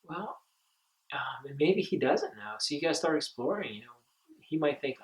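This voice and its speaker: A man giving a training talk to camp counselors, earnest and halting, with frequent ums and restarts. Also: on the high side, very animated, distant mic, rough recording. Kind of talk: instructional talk.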